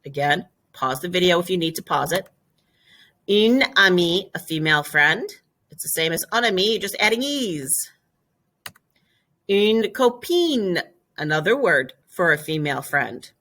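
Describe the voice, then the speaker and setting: A woman teaching a French vocabulary lesson, explaining step by step and repeating each word slowly and clearly. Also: lowish voice, lively intonation, pushed and bright. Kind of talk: classroom lesson video.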